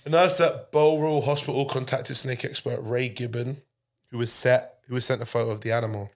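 Guy hosting a podcast, animated and joking, mid-range voice. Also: medium pitch. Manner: animated, jokey, quick bursts. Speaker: podcast host. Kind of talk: casual banter.

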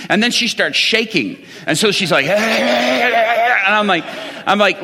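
A man's voice: sits high, animated, normal speed, bright, forceful tone, breathy edge, long reverb tail. A middle-aged man preaching a sermon, telling stories animatedly, acting out dialogue and chuckling often. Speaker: pastor. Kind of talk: sermon storytelling.

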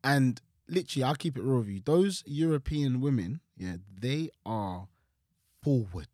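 Lively young man telling stories. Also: medium pitch, normal speed, dry recording, clean studio sound. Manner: animated storytelling, voice jumps up in excitement. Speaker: guest co-host. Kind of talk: casual podcast chat.

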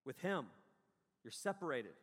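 Man preaching with joking loud bursts. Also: a little high, big pitch swings, measured pace, slightly rough. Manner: joking, self-mocking, bursts into loud yells. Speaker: pastor. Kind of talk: energetic sermon. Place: large hall on a stage. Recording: long hall reverb.

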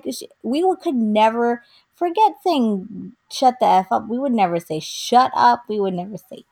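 Woman, casual chat, higher voice, filler-heavy storytelling. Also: normal speed. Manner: animated storyteller, acts out quotes with many fillers.

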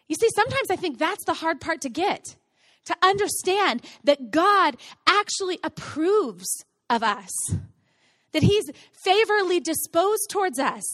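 A woman's voice: very high-pitched, a bit bright. A woman in her thirties, a pastor preaching a sermon, earnest and building to emphatic repetition.

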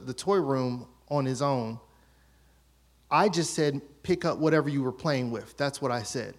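A man in his thirties preaching a sermon as pastor, telling a story about his children and acting out their voices. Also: a little high.

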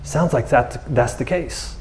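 A man's voice: mid-range voice, a little slow, a little hiss or hum. A male pastor preaching a sermon in a casual, conversational way. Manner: animated, conversational, acts out characters.

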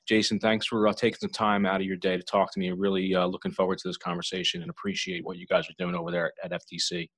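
A man's voice: lowish voice, a bit bright, no echo. Upbeat New man hosting. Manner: upbeat, frequent "uh" fillers. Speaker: podcast host. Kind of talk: casual interview. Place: studio.

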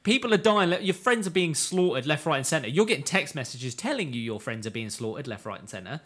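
A man co-hosting a podcast, retelling and picking apart an anime episode in animated, sweary casual chat. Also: a little high, a little fast, slightly rough. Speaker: podcast co-host.

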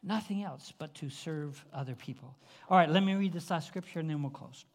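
A man preaching, telling a story in an animated way, with frequent restarts and chuckles. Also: on the high side, brisk. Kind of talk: sermon storytelling.

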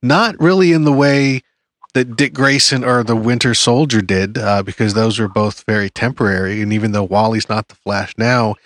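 A man's voice: on the low side, fairly even intonation, moderate pace, fairly bright tone, no echo, studio quality. A man on a panel, arguing his vote in a hesitant way with many fillers and restarts. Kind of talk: casual debate.

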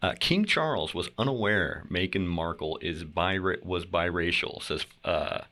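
A man co-hosting a podcast, reading news stories aloud with many pauses and fillers. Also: low voice, animated, pushed and bright. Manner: hesitant, many fillers and restarts. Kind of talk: casual chat.

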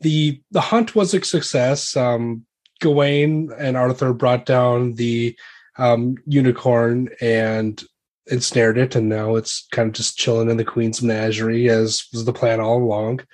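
Relaxed man running a tabletop game. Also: mid-range voice, a little slow. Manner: loose, hesitant narration full of ums and likes. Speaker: game master.

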